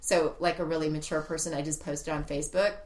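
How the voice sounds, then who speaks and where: A woman's voice: low voice, fairly even intonation, quick pace, darkish tone. A woman co-hosting a casual chat, telling candid stories with frequent fillers and laughter.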